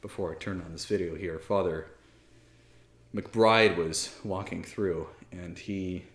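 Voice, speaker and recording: A priest in his thirties talks candidly to the camera, self-deprecating and full of small restarts. His voice sits fairly low. He speaks from a library armchair, and the room gives back a clear echo. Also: steady tone, slow pace, fairly bright tone. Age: 30s. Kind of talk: casual spoken talk to camera.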